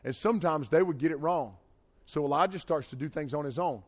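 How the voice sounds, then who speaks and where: A middle-aged man preaching a sermon, folksy and animated, with jokey asides. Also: fairly high pitch, fairly quick. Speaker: pastor. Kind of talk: sermon with storytelling.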